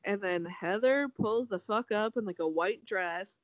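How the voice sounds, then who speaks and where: A young woman co-hosting a casual chat, talking fast and loose, laughing often and acting out quotes. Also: dry recording, dull audio. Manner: chatty, laughs often, acts out quotes with big pitch jumps. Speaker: podcast co-host. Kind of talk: casual chat recapping a reality show.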